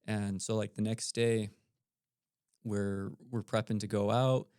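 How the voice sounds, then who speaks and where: A man telling stories as a podcast guest, relaxed and animated, with the odd filler um. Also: lowish voice, slow, smooth, no echo, studio quality. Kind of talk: casual storytelling.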